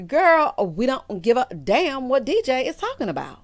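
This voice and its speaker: A woman delivers a reality TV recap in a sassy, emphatic way, calling her viewers honey and child. Her pitch swings widely from line to line, and she breaks into loud exclamations as she talks. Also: huge pitch swings, normal speed, few pauses. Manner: bursts into loud laughter and exclamations. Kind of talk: casual recap and commentary.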